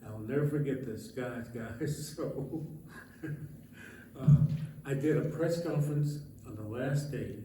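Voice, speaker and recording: A man's voice: medium pitch, takes it slowly, mellow, slight background noise. A man, a former police chief, telling a humorous story to an audience at a church meeting, laughing often and acting out the quoted dialogue. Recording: echoey hall from far off.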